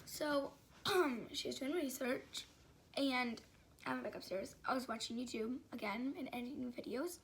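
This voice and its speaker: A woman's voice: sits high, moderate pace, a little hiss or hum. A woman vlogger telling a casual story, rambling and filling it with "like" and "um". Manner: rambling, filler-heavy storytelling with frequent "like".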